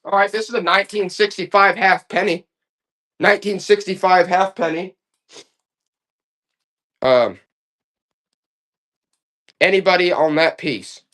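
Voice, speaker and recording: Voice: medium pitch, unhurried, long pauses, fairly bright tone. A live online auction seller running a stream with playful, joking sales banter.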